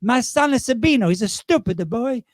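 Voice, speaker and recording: A man's voice: extremely high pitch, expressive, moderate pace, no echo, clean studio sound, pitched above the performer's own voice. A man putting on a brash old East Boston widow. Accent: East Boston put-on. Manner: loud, brassy, put-on.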